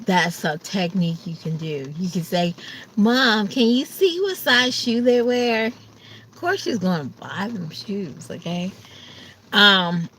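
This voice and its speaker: Slow-talking sleepy woman chatting with y'all. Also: medium pitch, bright, forceful tone, slight background noise. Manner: chatty, addresses viewers as y'all, acts out family voices. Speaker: vlogger. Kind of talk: casual chat to camera.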